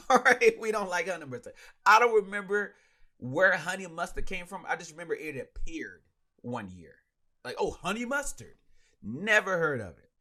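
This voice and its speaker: Brief: male podcast host, fairly high bright voice, riffs and rants casually. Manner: animated, ranting, joking. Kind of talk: casual solo sports talk.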